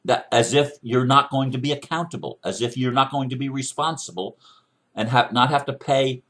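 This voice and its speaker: A man delivering a fervent commentary monologue, his pitch swinging widely as he presses each point. He talks in an emphatic, preaching way and keeps firing off rhetorical questions. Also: fairly bright tone. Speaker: commentator responding to another speaker.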